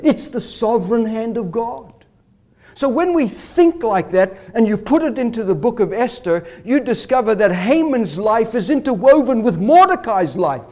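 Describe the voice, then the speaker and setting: A male preacher delivering a sermon in a high, lively voice that swings widely in pitch. He presses his points with rhetorical questions and repeated phrases. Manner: rhetorical questions, emphatic repetition.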